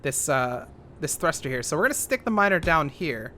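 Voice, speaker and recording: A man's voice: on the high side, sing-song, a little fast, bright, forceful tone, slight background noise. A young man giving casual, rambling commentary while playing a game, thinking aloud with lots of fillers. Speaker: gaming YouTuber.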